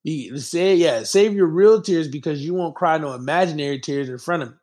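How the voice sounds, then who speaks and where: A man's voice: fairly high pitch, a little fast, darkish tone. A man co-hosting a podcast in casual, slangy, joking chat. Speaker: podcast co-host.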